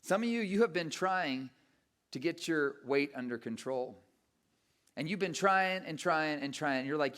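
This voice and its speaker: A middle-aged man preaching a sermon, telling stories and acting out his own thoughts with lively shifts of voice. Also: a little high, a little fast. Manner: animated storytelling, acting out his own inner voice. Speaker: pastor.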